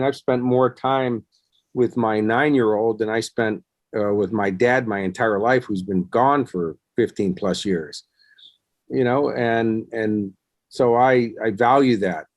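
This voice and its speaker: A man in his fifties, a guest in an interview, telling stories and acting out other people's quotes in a lively way. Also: medium pitch, dry recording. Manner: animated storyteller acting out quotes. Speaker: guest, actor and success coach. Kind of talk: casual interview storytelling.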